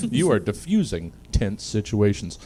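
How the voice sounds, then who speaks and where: A man's voice: on the low side, dark tone, slightly rough. A man hosting a comedy panel show, joking loosely and laughing often.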